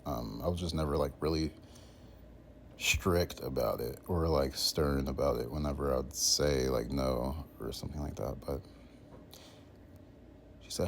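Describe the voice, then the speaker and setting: A man's voice: extremely low pitch, unhurried, vocal fry, pauses often, a little hiss or hum. A man in his twenties casually rambling in a monologue, full of fillers and slang. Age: 20s. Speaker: content creator.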